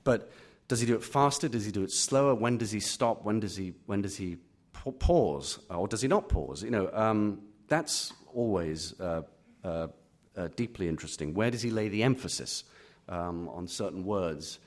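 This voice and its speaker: English male critic, lowish voice, halting live Q&A delivery in an auditorium. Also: animated. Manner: hesitant, many fillers and restarts. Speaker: literary critic speaking to an audience. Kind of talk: live Q&A at a reading.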